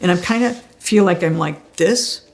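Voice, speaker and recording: A woman's voice: lowish voice, moderate pace, gravelly. A woman telling her own story in a conversational way, often laughing as she speaks. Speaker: guest sharing a near-death experience. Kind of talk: personal storytelling.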